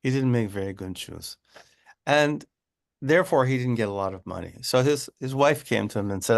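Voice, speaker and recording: A man leads an informal study class, talking in an animated way that is full of restarts and quick check-ins with the room. His voice sits in the middle range. It has a noticeably gravelly, creaky texture. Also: medium pitch. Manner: animated, repeats words and restarts, says "right?" often. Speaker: teacher of a text class. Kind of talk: informal teaching talk.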